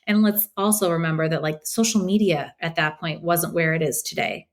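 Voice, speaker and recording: A woman from the Boston area, a podcast guest telling her story in a casual, animated way and acting out quotes with laughter. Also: low voice, brisk.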